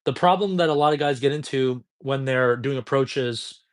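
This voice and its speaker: A man in his thirties, a dating coach, answering chat questions on a live stream in a casual, profane, high-energy way. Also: moderate pace. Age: 30s.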